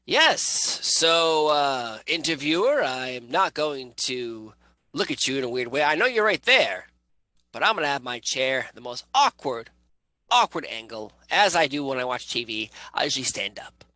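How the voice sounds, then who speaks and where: A man's voice: mid-range voice, sing-song, normal speed, sharp tone, no echo. A man doing a mock impression of a smug male wrestler, speaking in a stiff, mock-formal way in an awkward backstage interview.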